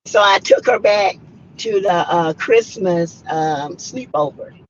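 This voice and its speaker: A woman's voice: mid-range voice, slow pace, lo-fi sound, slight background noise. A middle-aged woman, hosting a casual livestream, greeting viewers by name and giving frank opinions. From South Carolina, US. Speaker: host of a reality-TV review livestream. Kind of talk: casual live-stream commentary.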